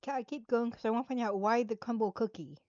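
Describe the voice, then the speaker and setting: A woman's voice: a little high, quick pace, a little mellow, dry recording. A woman hosting a casual live commentary, blunt and sarcastic. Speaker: host. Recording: dull dry lo-fi.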